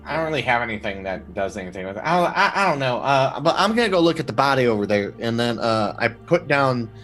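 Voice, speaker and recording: Hesitant man with lively pitch. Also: quick pace, faint music behind. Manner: hesitant, many uhs and likes. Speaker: player. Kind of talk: casual tabletop play.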